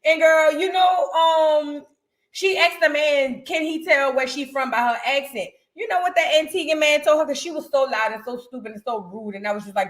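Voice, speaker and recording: A woman, co-hosting a chat show and telling stories in an animated, slangy way. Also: sits high, normal speed. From United States. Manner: animated, slangy, repeats phrases for emphasis. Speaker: podcast co-host. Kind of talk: casual storytelling chat.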